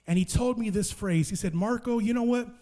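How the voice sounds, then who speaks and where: A man preaching, telling his testimony as a lively story and restarting with repeated words. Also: sits high, brisk. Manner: lively storyteller who acts out other people's voices.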